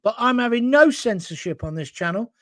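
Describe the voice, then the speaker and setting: A man's voice: very high voice, lively intonation, a little fast, fairly bright tone, dry recording. A middle-aged man, hosting a live-stream and ranting bluntly while reading viewer comments at home. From England. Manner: blunt, combative, ranting, jokey asides. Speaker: host of a live-stream show. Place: at home, alone.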